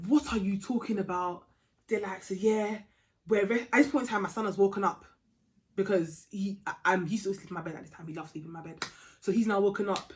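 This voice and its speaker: A young woman telling a storytime vlog story in a chatty, animated way, dropping to a hush and rising to heated outbursts. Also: mid-range voice. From England. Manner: chatty and animated, swings from hushed to loud and heated. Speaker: vlogger.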